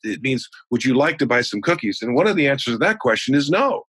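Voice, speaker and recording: Speaking quickly in a slightly rough mid-range voice, a male guest in his sixties who trains salespeople shares folksy anecdotes. His conversational storytelling gets animated, and there's no echo.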